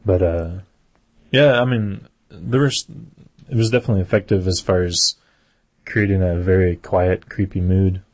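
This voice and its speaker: A man's voice: sits low, fairly even intonation, normal speed. A man chatting casually about an old film, joking and bantering loosely.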